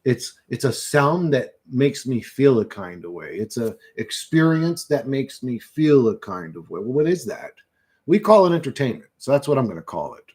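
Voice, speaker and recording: A man's voice: mid-range voice, sing-song, normal speed, darkish tone, slightly rough. A man in his thirties hosting a livestream, ranting in a rambling, profane, conspiratorial monologue into a computer mic at his desk. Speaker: livestream host.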